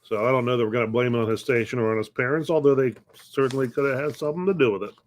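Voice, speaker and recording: A man's voice: mid-range voice, rapid-fire. Man pastor asking questions and musing. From United States. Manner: thoughtful, asks questions and answers them, restarts phrases. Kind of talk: conversational Bible lesson.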